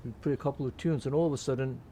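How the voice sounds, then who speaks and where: An older man of around eighty, from Turkey, speaks English. He reminisces about life as a jazz pianist in an easy, storytelling way. His voice sits at an ordinary middle pitch, and he often breaks into little impressions of the people he met. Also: very fast, a little hiss or hum. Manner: lively anecdotes, quotes people in put-on voices, frequent restarts.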